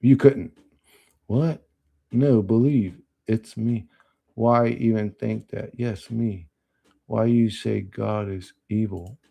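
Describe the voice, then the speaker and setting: A man's voice: fairly low pitch, slow pace, gravelly, warm tone, breathy edge. A man on a livestream, reading chat comments and answering them in blunt, profane, rambling talk.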